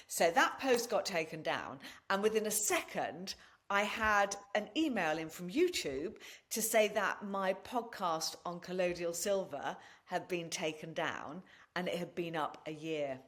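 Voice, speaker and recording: A woman guest on a podcast interview, telling her own story in a candid, blunt and animated way, swearing freely. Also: on the low side, a little slow. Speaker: podcast guest and wellness practitioner.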